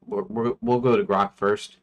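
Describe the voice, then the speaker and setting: A man with a fairly low voice talks his way through his own work on a live dev stream. He rambles, thinks aloud and talks to himself as he goes, in a casual, unhurried way. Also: steady tone, highs cut off. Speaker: indie game developer livestreaming.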